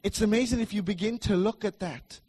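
A middle-aged man preaching a sermon in a church, emphatic and repetitive, swinging between loud declarations and soft asides. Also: sits high, fairly quick, slightly rough.

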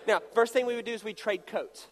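A man's voice: high voice, fairly quick. A man preaching a sermon, joking with volunteers as he acts out a demonstration. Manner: animated, jokey storytelling with volunteers. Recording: long hall reverb.

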